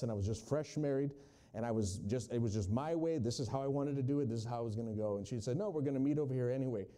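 A man preaching a sermon, sharing his testimony and shifting between hushed storytelling and loud, emphatic quotes. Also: medium pitch.

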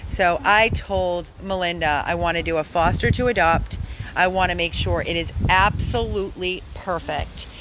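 Out in the yard, this woman narrates her dog-rescue vlog on a handheld phone camera, speaking in quick, excited, rambling bursts. Her voice sits on the low side, and background noise is present.

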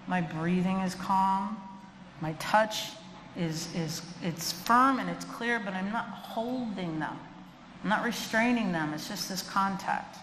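A woman lecturing to an audience in a big hall, her voice ringing with a long echo. She is lively and funny, and she slips into little acted-out voices to make her points. A faint room hum sits behind her. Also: fairly low pitch, a little slow. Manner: animated, acts out quoted voices with humor. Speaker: animal behavior lecturer. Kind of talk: humorous live lecture.

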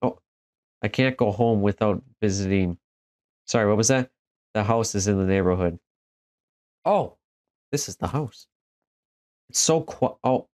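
A man's voice: on the low side, darkish tone. A man commenting as he plays horror games, joking and laughing easily and chatting to the characters on screen. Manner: jokey, laughs easily, talks to the game characters. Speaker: gaming video host. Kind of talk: horror game let's play commentary.

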